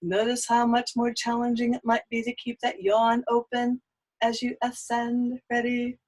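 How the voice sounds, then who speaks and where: A woman's voice: fairly high pitch, little pitch movement, moderate pace, a little mellow, low-quality recording. A woman teaching a singing lesson, giving patient step-by-step cues on breathing and an open throat.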